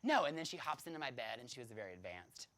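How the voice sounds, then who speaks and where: A man from the United States telling a personal story to an audience, animated, laughing often and acting out the voices of others. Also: medium pitch, fast talker.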